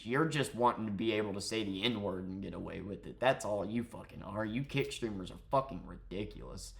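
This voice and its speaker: A man's voice: mid-range voice, vocal fry. A young man ranting on his vlog, profane and sarcastic, swearing heatedly at another streamer. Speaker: streamer and vlogger.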